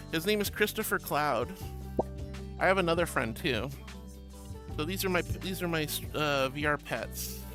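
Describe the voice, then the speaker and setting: A woman streaming casually, reading chat aloud in an affectionate, giggly way, calling viewers sweetie and honey and often repeating herself. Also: low voice. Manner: rambling, repeats phrases. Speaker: VTuber streamer.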